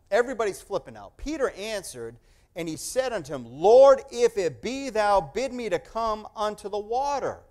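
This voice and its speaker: A man preaching a sermon, animated, swinging from quiet asides to loud, emphatic passages and acting out the voices he quotes. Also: on the high side.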